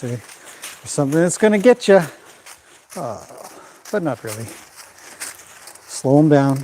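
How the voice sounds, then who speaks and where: A man training a horse in a pen, calmly explaining what he does while softly praising and directing the animal. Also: medium pitch, unhurried, pauses often, slight background noise. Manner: calm running commentary mixed with soft praise to the horse.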